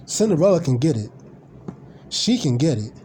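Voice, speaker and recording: A man's voice: on the high side, very animated, moderate pace, warm tone, slight background noise. A man ranting casually on a live stream, blunt, profane and rambling.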